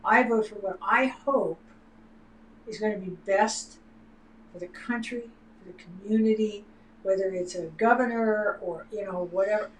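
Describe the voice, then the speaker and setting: A woman's voice: medium pitch, moderate pace. Woman co-host, emphatic and fired up, casual discussion, roomy sound. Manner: emphatic and heated, swears. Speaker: livestream co-host. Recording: roomy with faint noise.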